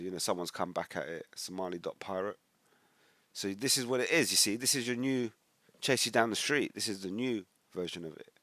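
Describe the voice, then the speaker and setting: A British man talks in a deep, low register, rambling conversationally as he reads comments aloud and breaks into emphatic bursts. The sound is dry and close, with no room echo. He moves from casual commentary into scripture teaching. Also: a bit bright. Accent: British English. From United Kingdom. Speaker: religious commentator. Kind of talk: casual commentary reading social media posts.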